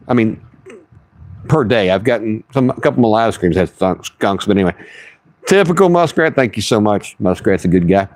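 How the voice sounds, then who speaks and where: A man's voice: fairly low pitch, expressive, a little fast, no room sound. A man live-streaming while he fishes, chatting folksy and casual and reading his chat aloud. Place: outdoors on the water.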